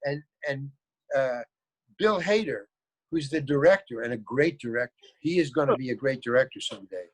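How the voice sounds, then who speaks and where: A man's voice: medium pitch, animated, moderate pace, dry recording, low-quality recording. An older man, an actor, telling rambling anecdotes in a casual interview. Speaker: actor guest.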